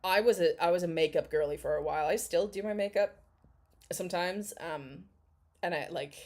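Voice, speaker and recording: At a normal speed and in a fairly low, darkish voice, a woman in her thirties casually reacts to a video for her commentary vlog. Sarcastic and blunt, she frequently curses and breaks into laughter.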